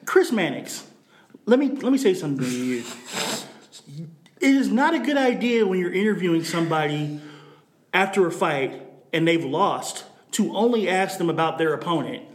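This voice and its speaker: A man with a notably high voice talks through boxing fights in an animated, opinionated way. He swears freely and speaks bluntly. The room adds a clear echo. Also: normal speed. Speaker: boxing podcast co-host. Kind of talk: casual chat.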